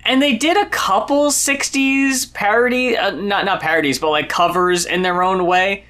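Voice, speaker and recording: A man's voice: sits high, normal speed, bright, forceful tone. A man co-hosting a casual album review podcast, explaining the background and stumbling over his words. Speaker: podcast co-host.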